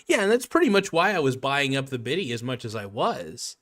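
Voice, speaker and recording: A man's voice: mid-range voice, very animated, a little fast, fairly bright tone. A man hosting a casual live stream, talking in a laid-back, joking and rambling way, swearing now and then.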